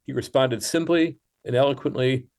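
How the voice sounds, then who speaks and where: A male guest on a radio program, talking in long, considered sentences. His tone stays measured and explanatory as he lays out his case, with an even pitch typical of a man his age. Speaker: guest writer. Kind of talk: radio interview.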